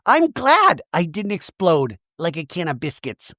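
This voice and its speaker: A man's voice: fairly high pitch, huge pitch swings, a little slow, sharp tone, no echo, clean studio sound, voice pushed up, heavily acted. A man mimicking an earnest wounded woman.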